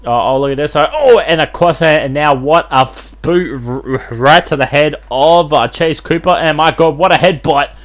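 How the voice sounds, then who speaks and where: A man's voice: fairly high pitch, normal speed, hardly any pauses. Rambling hyped-up wrestling commentator, man. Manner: rambling, constant fillers and restarts, bursts of hype. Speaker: host and play-by-play commentator. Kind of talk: excited wrestling play-by-play commentary.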